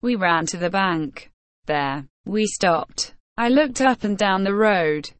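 Female narrator, mid pitch, unhurried graded-reader delivery, dry booth sound. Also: animated, no echo. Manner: measured, careful reading with quoted dialogue.

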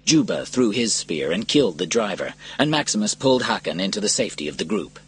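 A man narrating an adventure storybook in a dramatic, lively reading style. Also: fairly low pitch, brisk, husky.

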